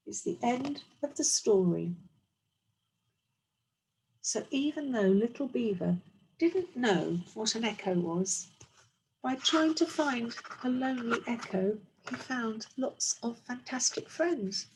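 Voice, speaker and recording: A woman teacher reading a picture book aloud to young children, slow and expressive, with friendly asides. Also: on the high side, slightly rough, poor audio. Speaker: early years teacher.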